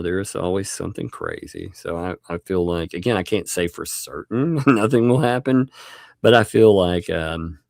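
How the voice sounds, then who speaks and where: A man's voice: low voice, vocal fry, no room sound, studio quality. A man hosting a livestream, chatting casually, thanking viewers and laughing often. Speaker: livestream host.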